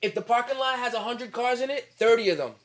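A man's voice: very high voice, fast, a bit bright. A young man, chatting casually on a podcast and telling profane street-slang stories with energy. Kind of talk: casual chat.

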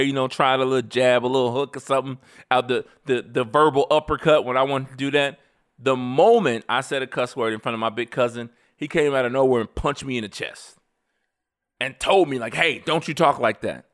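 A man in his forties telling stories in a casual, animated way, emphatic and slangy, laughing often. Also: mid-range voice, a little fast, clear, resonant tone. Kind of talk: casual storytelling commentary.

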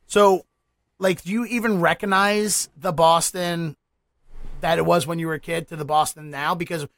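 A man's voice: a little high, steady tone, moderate pace, creaky, fairly bright tone, dry recording. A man from Baltimore hosting a podcast, asking chatty, meandering questions. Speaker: podcast host. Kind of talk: casual podcast interview.

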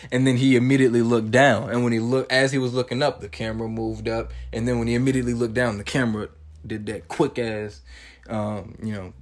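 Speaking at a medium pitch, this twenty-something podcast host recounts a film scene casually and with lots of energy, performing characters' lines in rapid bursts.

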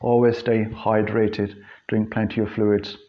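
This fitness trainer hosts his podcast alone, speaking a little slowly in a fairly low, flat voice, over dull audio with background noise. Earnest and casual, he addresses listeners as guys and rambles with plenty of restarts and fillers.

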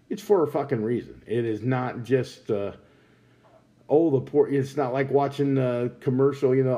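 A mellow-voiced man rants on his podcast, swearing freely and dripping with sarcasm. His scornful tone carries through a loose, talky delivery. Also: mid-range voice, highs cut off. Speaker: podcast host. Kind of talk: profane political rant.

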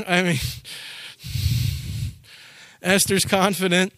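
A man with a bright, forceful voice, pitched a little high for a man, preaching a sermon. He tells stories and acts out the scenes with sudden loud shouts. The sound is close and dry. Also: normal speed, no room sound. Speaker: pastor.

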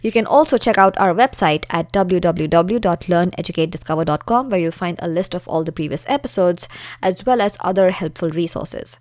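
A woman's voice: on the low side, a little mellow, dry recording, studio quality. A woman hosting a podcast, chatting with a guest and then reading her upbeat sign-off. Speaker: podcast host. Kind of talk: casual interview and podcast outro.

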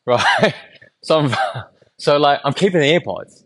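A man's voice: fairly high pitch, big pitch swings, takes it slowly, fairly bright tone. A young man telling a story on his solo podcast, loose and candid, swearing often and laughing between thoughts. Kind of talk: casual rambling storytelling. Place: small home podcast studio.

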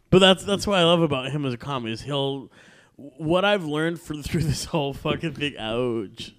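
A man's voice: sits high, normal speed, fairly bright tone, clean tone. A man hosting a live-streamed podcast, telling a rambling, profane story and laughing often. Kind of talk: casual chat, storytelling. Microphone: live-streamed podcast mic.

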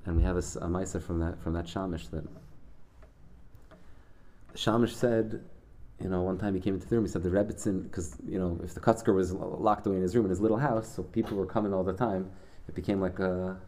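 A man teaching a Torah class, telling Hasidic stories in a conversational, halting way peppered with Yiddish and Hebrew terms. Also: low voice, mellow.

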